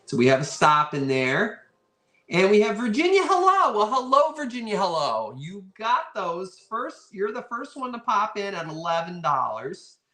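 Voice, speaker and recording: A man's voice: high-pitched, very animated, unhurried, pushed and bright, echoey room. A man hosting a live online vintage sale, chatty and playful, greeting viewers by name as he shows each item. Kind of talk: live online auction selling.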